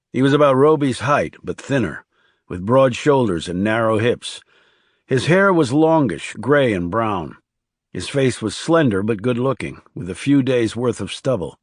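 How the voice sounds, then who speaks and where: A man narrating a crime thriller audiobook in a measured, even storytelling manner. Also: medium pitch, no echo, clean studio sound. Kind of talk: scripted narration.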